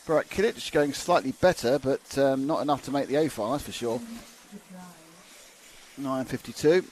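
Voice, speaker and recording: A man's voice: mid-range voice, moderate pace, a little mellow, slight background noise. Chatty male race commentator. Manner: chatty, joking asides between results. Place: commentary box at a racing circuit.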